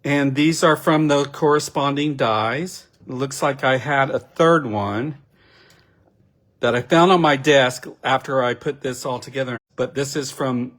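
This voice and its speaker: Man, craft demo host, slow easygoing delivery, middle-aged, chatty asides. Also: medium pitch, a bit bright. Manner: unhurried, chatty, self-deprecating asides. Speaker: card-making instructor. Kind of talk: casual crafting demonstration.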